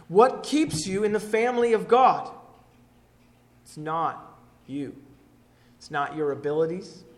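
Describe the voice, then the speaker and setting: A man preaching a sermon, reading scripture aloud and repeating key phrases emphatically, often rising and falling in pitch and volume.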